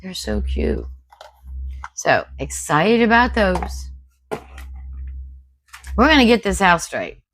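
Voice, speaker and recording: A woman's voice: mid-range voice, huge pitch swings, slow, vocal fry, long pauses, rough recording. A woman, unboxing home decor at home in a casual, folksy chat with her viewers. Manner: chatty, folksy, talks to viewers as y'all.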